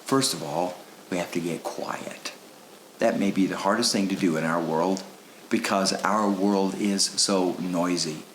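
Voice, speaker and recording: A man's voice: low voice, a little slow, reverberant, slight background noise, rough recording. A male pastor preaching a sermon in a conversational way, asking rhetorical questions. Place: church sanctuary.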